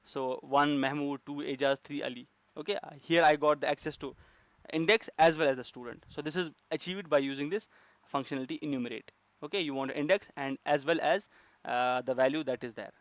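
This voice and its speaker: A man's voice: a little high, fairly even intonation, brisk, hardly any pauses, no echo. A man teaching a coding lesson, explaining step by step with frequent fillers and restarts. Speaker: programming instructor.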